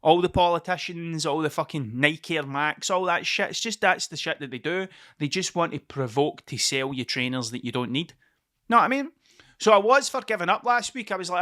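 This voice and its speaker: Here a podcast host from Scotland talks alone and casually, wandering from one topic to the next and cursing without restraint. He sounds slightly high-pitched and brisk, with lively intonation and a fairly bright tone.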